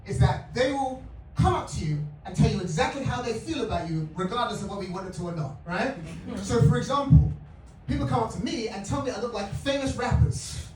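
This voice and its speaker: A man from England doing a live stand-up set, excitable and laughing often as he works the crowd. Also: extremely high pitch, fairly quick, soft background music. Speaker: stand-up comedian. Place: comedy club stage. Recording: roomy club recording from a distance, with loud crowd. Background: loud laughing audience.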